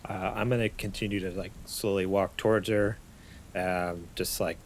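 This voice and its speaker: A man's voice: sits low, steady tone, normal speed, a little hiss or hum. A man playing a tabletop game, talking hesitantly with fillers. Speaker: player.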